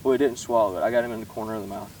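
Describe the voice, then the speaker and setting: A man vlogging outdoors by a small pond, shaky and keyed up, full of excited exclamations and coaxing the fish he's landing. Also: on the low side, racing, far from the mic, very noisy. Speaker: fishing vlogger. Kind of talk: excited outdoor vlog commentary. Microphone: camera set up nearby.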